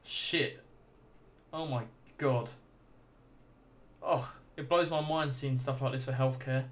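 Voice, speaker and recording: A gaming livestreamer plays a video game, swearing and laughing as he reacts and chats casually with viewers in let's-play commentary. His mid-range voice has fairly even intonation and a slow pace.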